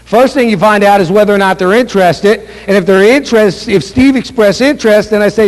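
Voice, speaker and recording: Barely pausing, a high-voiced man talks fairly quickly through a motivational sales seminar. As the trainer, he hammers key points with emphasis and role-plays sample sales calls, all echoing with long reverb in the hall.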